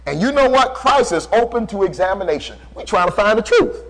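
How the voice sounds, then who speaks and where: A man preaching a sermon, emphatic and repeating key phrases, dropping low and slow when quoting scripture. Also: very animated, fairly bright tone, poor audio.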